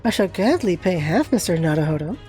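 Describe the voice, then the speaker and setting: A woman voicing an eccentric, grand male gentleman detective who speaks in a formal, theatrical way. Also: on the low side, sing-song, brisk, faint music behind, pitched below the performer's own voice. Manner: theatrical, formal, self-pitying.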